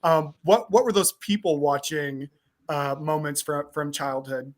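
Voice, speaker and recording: A man's voice: fairly high pitch, measured pace. A man from Southern Illinois hosting an interview over a video call, asking long, rambling questions. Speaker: host.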